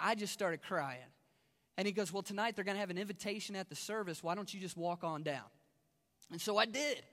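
A man from Kentucky giving his testimony in a storytelling style, swinging between loud, excited stretches and quiet, low ones. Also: long reverb tail. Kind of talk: testimony sermon.

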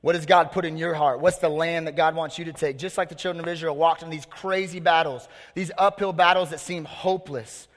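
A man preaching a casual, energetic youth sermon from a stage in a large hall. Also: on the high side, brisk, few pauses. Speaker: youth pastor. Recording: long hall reverb.

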